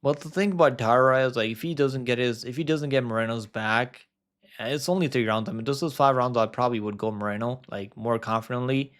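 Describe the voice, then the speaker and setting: Smooth-voiced man rambling through fight picks. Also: medium pitch, fairly quick, a bit bright. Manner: rambling, filler-heavy, frequent restarts. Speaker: MMA predictions host. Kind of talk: casual fight-pick commentary.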